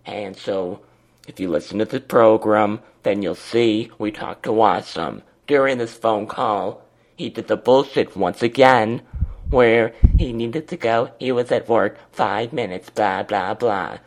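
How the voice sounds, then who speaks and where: Slow gravelly campy man. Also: fairly low pitch. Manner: campy, vulgar, drawling. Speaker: podcast host. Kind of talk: crude comedic monologue.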